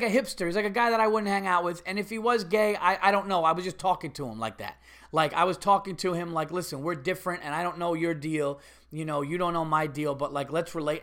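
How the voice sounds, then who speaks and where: A man with a slightly high voice tells a story on his podcast, full of fillers and restarts. He drifts into a rambling monologue and climbs into loud, animated exasperation. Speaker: podcast host and comedian.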